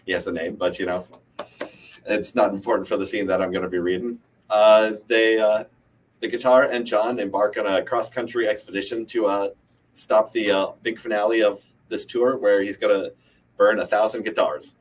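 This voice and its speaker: A man's voice: on the low side, fairly even intonation, moderate pace, recorded from a distance, slight background noise, poor audio. A man reading his own story aloud on a live stream, casual and hesitant with fillers as he sets the scene. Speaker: bookstore reader. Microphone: live stream setup.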